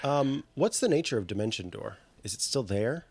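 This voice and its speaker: A man's voice: medium pitch, lively intonation, moderate pace, a little mellow, breathy edge. A man playing in a tabletop game, talking casually with wry jokes. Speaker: player.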